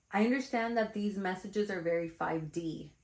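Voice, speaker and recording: A woman spiritual teacher giving a chatty, blunt card reading to her viewers, calling them darlings. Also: mid-range voice. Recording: echoey room.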